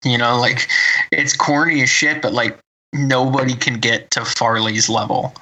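A man's voice: medium pitch, steady tone, unhurried, sharp tone, poor audio. A man co-hosting a podcast in casual chat, rambling and circling back as he talks. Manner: rambling, full of fillers and restarts. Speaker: podcast co-host.

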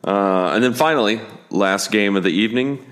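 A man's voice: fairly low pitch, moderate pace, fairly bright tone. A man hosting casual sports talk who runs through the game picks in a matter-of-fact way and keeps the list moving. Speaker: podcast host running the picks.

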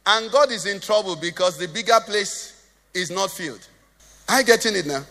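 A man's voice: sits high, lively intonation, moderate pace, pushed and bright, long reverb tail. A Nigerian man preaching a sermon as pastor, joking and asking the congregation questions. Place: church hall.

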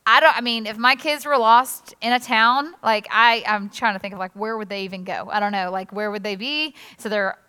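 A woman pastor giving a conversational sermon in an animated, chatty way, acting out quotes. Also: a little high, clean tone. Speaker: executive pastor. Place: church auditorium. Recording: reverberant church hall.

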